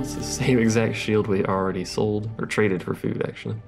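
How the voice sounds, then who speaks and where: A man's voice: lowish voice, fairly even intonation, quick pace, few pauses, over music. A man giving casual, wry commentary on his gameplay and reading the game's text aloud. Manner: wry, reads game text aloud between remarks. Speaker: let's play host.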